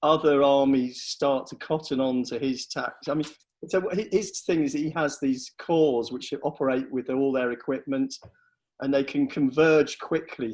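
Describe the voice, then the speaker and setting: A man's voice: medium pitch, darkish tone, breathy edge, poor audio. A man on a casual podcast, eagerly explaining historical campaigns and tactics. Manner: enthusiastic, explanatory, with frequent restarts. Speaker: history guest explaining battles. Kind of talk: casual chat.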